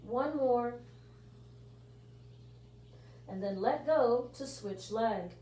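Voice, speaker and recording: Slow-cueing woman pilates instructor in an echoey room. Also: a little high, mellow. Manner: counts out moves with rhythmic cues. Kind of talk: guided workout instruction. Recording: echoey room, mic at a distance, faint hum.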